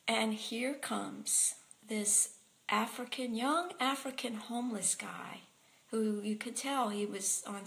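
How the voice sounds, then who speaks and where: A woman telling a personal story in a soft, half-whispered, heartfelt way. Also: mid-range voice, gravelly, poor audio. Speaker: speaker sharing a personal story.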